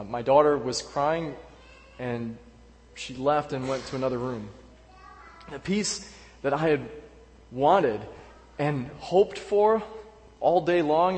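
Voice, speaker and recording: Pastor telling a story in an echoey hall. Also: male voice, a little high, slight background noise. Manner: storytelling with pauses and repeated words. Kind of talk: sermon. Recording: echoey hall with long reverb.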